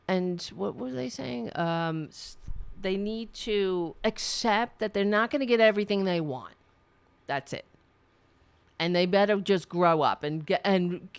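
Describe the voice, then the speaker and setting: A woman's voice: medium pitch, smooth. A woman hosting a political livestream, ranting with anger and sarcasm and swearing often. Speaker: host.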